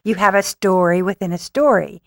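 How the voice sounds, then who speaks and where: A woman's voice: mid-range voice, moderate pace, gravelly, no echo, clean studio sound. A woman hosting an interview, introducing her guest in a formal, admiring way. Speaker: interview host.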